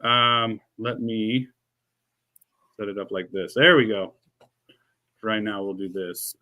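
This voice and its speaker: A man's voice: on the low side, slow pace, sharp tone. Sarcastic man fumbling with his stream gear. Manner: dry sarcastic asides while fumbling with gear. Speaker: streamer setting up a live stream. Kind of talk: casual live-stream chat. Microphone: desk microphone he keeps adjusting.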